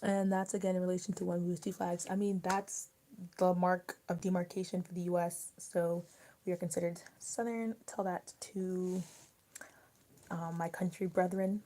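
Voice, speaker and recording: A woman's voice: on the low side, level tone, moderate pace, slight background noise. Chatty young woman live-streaming. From Maryland, US. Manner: chatty, answers viewer comments out loud. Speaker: livestream host. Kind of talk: casual live-stream chat while eating.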